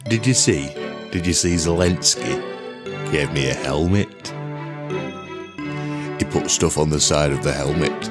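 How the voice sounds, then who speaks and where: A very deep, booming parliamentary speaker with pompous, officious airs, as a man puts him on. The voice sits low and heavy, with music playing faintly behind. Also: measured pace, pauses often. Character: pompous male parliamentary speaker, middle-aged. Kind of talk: comedy sketch.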